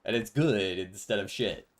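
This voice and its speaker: A man with a fairly low voice talks his way through a building game on stream. His delivery is loose and conversational, answering chat as he plays. He laughs easily and keeps a relaxed tone. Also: measured pace. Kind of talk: casual gameplay commentary.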